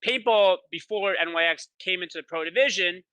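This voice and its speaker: A man, a pro paintball player, chatting as a guest in an interview, telling boastful stories quickly and excitedly, with lots of "like". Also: high voice, clear, resonant tone, dry recording, low-quality recording. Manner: rapid, excited storytelling with many "like"s; boastful, trash-talking attitude. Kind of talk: animated interview chat.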